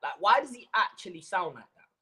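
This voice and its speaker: Young man, ranting livestream host, lively swooping pitch, slightly high voice. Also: a little fast. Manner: animated ranting, slangy, repeats himself. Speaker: football fan livestream host.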